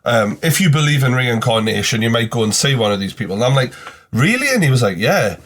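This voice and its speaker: A man's voice: mid-range voice, expressive, quick pace, slight background noise. A young Geordie man hosting a podcast, telling stories with plenty of swearing and acting out heated arguments. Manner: profane storyteller, acts out heated exchanges. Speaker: podcast host. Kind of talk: casual chat.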